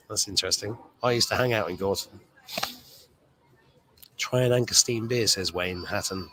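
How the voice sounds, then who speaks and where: A man's voice: lowish voice, steady tone, normal speed, long pauses, fairly bright tone, poor audio. A man hosting a casual livestream, chatting rambly and swearing freely while reading viewer comments at an airport. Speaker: show host.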